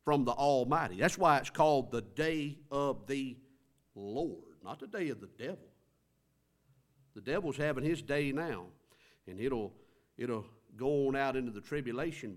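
A male pastor, preaching a sermon in a church with rhetorical questions and rising emphasis. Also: mid-range voice. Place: church sanctuary.

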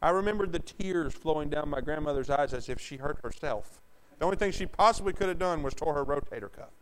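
Preaching a sermon to his congregation, a pastor with a notably high voice and lively intonation swings from loud, emphatic declarations to hushed asides. He draws out scripture slowly, and the recording is rough.

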